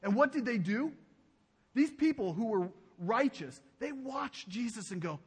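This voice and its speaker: A man preaching a sermon as pastor. He speaks emphatically and drops to a hushed low voice on key phrases. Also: expressive, unhurried, breathy edge, big-room sound. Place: church sanctuary.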